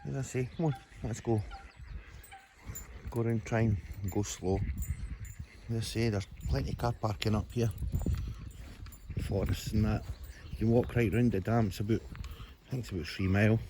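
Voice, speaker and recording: A Scottish man narrates a relaxed walking vlog in a mellow, warm voice, rambling from one sight to the next. He is filmed outdoors on a handheld camera. Faint birdsong and outdoor sounds sit behind him. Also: fairly low pitch, normal speed, long pauses, a little hiss or hum. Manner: chatty, rambling, talks to his dog. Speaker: vlogger. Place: outdoors by a reservoir.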